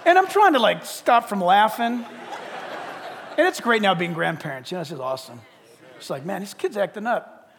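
Animated older man preaching, high voice. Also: moderate pace, creaky, slight background noise. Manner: animated, swings from hushed to shouting. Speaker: pastor. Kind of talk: sermon. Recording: long hall reverb.

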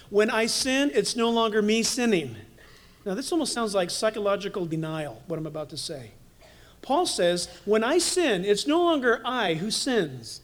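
A man's voice: extremely high pitch, fairly bright tone. A man preaching a sermon as pastor, telling stories animatedly with humorous asides.

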